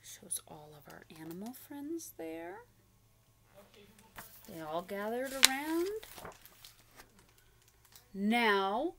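A woman's voice: high voice, big pitch swings, slow, long pauses. A young woman reading a picture book aloud to preschoolers, asking the listener questions and making animal noises. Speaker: children's storyteller.

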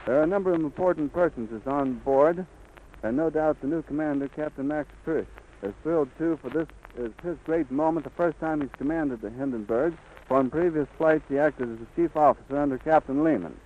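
A man's voice: a little high, fairly quick. A man giving a live on-the-scene radio report, with vivid, flowing eyewitness description on a 1930s disc recording. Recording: dull, lightly hissy 1930s disc recording.

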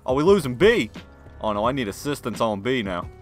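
A young man commentating his own gameplay in a casual, slangy way, muttering to himself and then yelling at the game. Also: mid-range voice, sing-song, brisk. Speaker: gaming video creator. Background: game music and gunfire.

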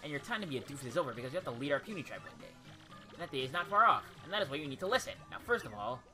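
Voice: mid-range voice, very animated, very fast, pushed and bright. A woman voicing a cranky old elder creature who scolds and lectures in a bossy way, with game music playing behind. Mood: scolding.

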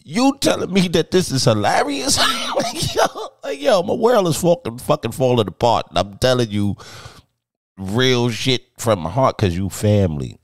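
A man hosting a casual live stream, talking in an animated, profane way that swings from shouts to mutters. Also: medium pitch, normal speed, dry recording. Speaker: streamer and host.

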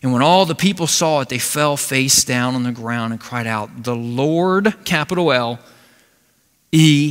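A man preaching a sermon as pastor, telling a Bible story in an animated way and briefly acting out the characters. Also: mid-range voice, measured pace, clear, resonant tone. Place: church sanctuary. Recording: long reverb of a large hall.

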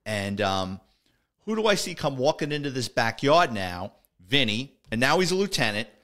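A man's voice: medium pitch, very animated, moderate pace, a bit bright. A middle-aged man, a retired police officer, telling stories in a casual, conversational way, full of "he goes" and "I says". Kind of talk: casual storytelling podcast.

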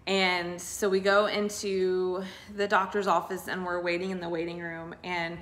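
A woman in her thirties, speaking at a moderate pace in a fairly low voice, shares her personal faith testimony as a co-host. Her casual storytelling is emotional, earnest, and animated.

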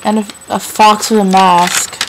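A woman's voice: medium pitch, level tone, measured pace, a little hiss or hum, low-quality recording. Teen girl with a retainer lisp. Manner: chatty and self-conscious, trailing off with fillers. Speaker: vlogger. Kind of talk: casual chat to camera.

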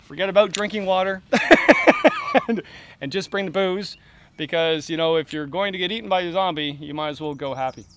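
A middle-aged Canadian man reviewing camping gear outdoors at a campsite, making jokey deadpan asides between many fillers. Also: on the high side, fast talker, slight background noise. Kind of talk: joking gear review vlog.

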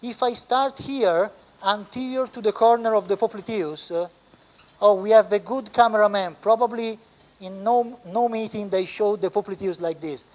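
A man with an Italian accent, a surgeon explaining a knee operation step by step as he works in the operating room, pausing often. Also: high voice, a little mellow. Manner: explains step by step, halting with frequent pauses. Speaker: orthopedic surgeon. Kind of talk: live surgical teaching demonstration.

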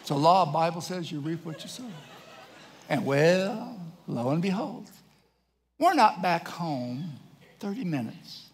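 Lively animated pastor in echoey hall. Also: male voice, on the high side, takes it slowly, a faint crowd. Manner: storytelling, acts out voices, laughs often. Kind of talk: sermon. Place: large church hall. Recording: echoey church hall, faint noise.

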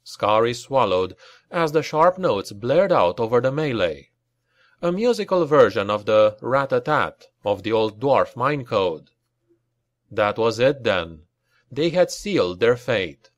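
Slow, lively-voiced male audiobook narrator. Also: mid-range voice, no room sound. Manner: slow, deliberate reading with lively acted dialogue.

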